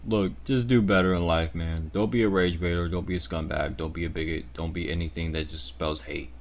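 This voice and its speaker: A man's voice: sits low, steady tone, fairly quick, slight background noise. A man hosting his channel and giving reaction commentary in a sarcastic mock rant that turns blunt and profane. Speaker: channel host.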